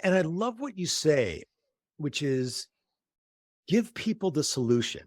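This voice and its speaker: A man's voice: fairly high pitch, big pitch swings, unhurried, dry recording, clean studio sound. A man hosting an interview podcast, enthusiastic and affirming toward his guest. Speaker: host.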